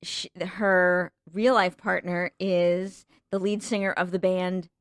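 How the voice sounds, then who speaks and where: A woman's voice: on the low side, little pitch movement, slow, a bit bright, no echo, studio quality. A woman actress chatting as a guest on a podcast, talking loosely with frequent ums and self-restarts. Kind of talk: casual podcast chat.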